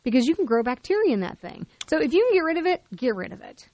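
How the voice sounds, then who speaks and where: A woman's voice: high voice, very animated, quick pace, darkish tone. Chatty woman radio co-host. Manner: chatty, laughs often, teasing. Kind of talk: casual radio chat.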